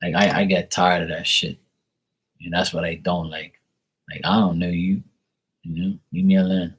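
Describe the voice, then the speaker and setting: A man's voice: low voice, little pitch movement, moderate pace, husky. A man giving live tarot readings, talking bluntly and profanely in a casual monologue, acting out others in mocking voices.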